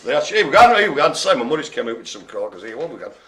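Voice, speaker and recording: A man's voice: medium pitch, big pitch swings, racing, pushed and bright. A man hosting a live bingo game, cracking puns, laughing often and rambling in chatty asides. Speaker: bingo host. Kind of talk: live-streamed bingo calling.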